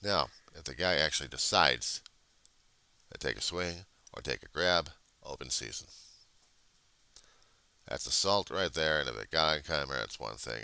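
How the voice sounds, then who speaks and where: A man's voice: a bass voice, creaky, pushed and bright, clear, resonant tone, dry recording. A man in casual chat who talks bluntly and sarcastically, with plenty of profanity.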